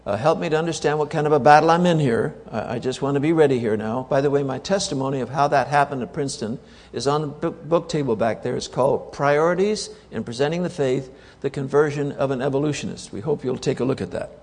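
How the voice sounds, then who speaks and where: A man's voice: medium pitch, quick pace, few pauses, a little mellow, in a large hall. A man preaching a sermon to a congregation, emphatic, repeating key words and asking the audience rhetorical questions.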